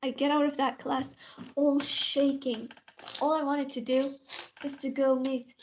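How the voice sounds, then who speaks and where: High-voiced young woman telling a story. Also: measured pace, slight background noise. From Morocco. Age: young adult. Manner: dramatic, animated, swears casually. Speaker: university student, vlogger. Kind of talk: casual storytime vlog.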